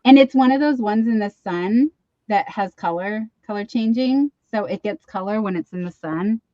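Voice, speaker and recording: A middle-aged woman hosting a live stream from home, chatting casually and wandering off on tangents while teasing herself. Her voice sits at an ordinary mid pitch. The sound is dry and slightly dull, like a home computer mic. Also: moderate pace, no room sound. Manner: chatty, easily sidetracked, self-deprecating. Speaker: livestream host.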